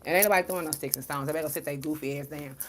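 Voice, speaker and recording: A woman vlogger talking straight to her viewers about healing, blunt and profane, swinging between loud bursts and quiet murmurs. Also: low voice, rapid-fire. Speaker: spiritual vlogger and card reader. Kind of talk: casual, heartfelt monologue to viewers.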